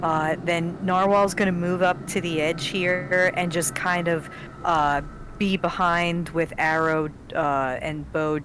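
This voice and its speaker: Hesitant, low-voiced woman player. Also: steady tone, takes it slowly, fairly bright tone, slight background noise. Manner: hesitant, many fillers. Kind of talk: playing a tabletop game. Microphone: online voice call.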